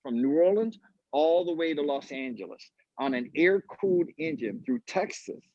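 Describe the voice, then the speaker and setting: A man, a golf instructor, telling a story in an animated way on a live video call, acting out the other people's voices. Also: on the high side, normal speed, no room sound. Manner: acts out quoted voices, laughs mid-story. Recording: dull lo-fi live stream audio.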